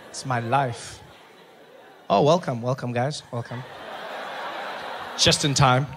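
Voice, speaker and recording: A man telling stories in a stand-up set and bantering with the audience, animated. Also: medium pitch, slow pace, noisy background. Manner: animated storytelling, banters with the crowd. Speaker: stand-up comedian. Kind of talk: stand-up comedy. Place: theatre stage.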